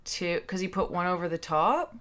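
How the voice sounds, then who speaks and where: A woman's voice: fairly low pitch, moderate pace, a bit bright. Incredulous woman guest in casual chat. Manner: incredulous, questioning. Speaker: podcast guest.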